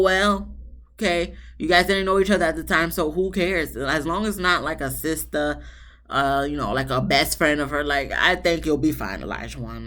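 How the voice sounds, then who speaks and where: A woman giving a casual, blunt and animated review of a reality show, sassy and full of asides. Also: lowish voice.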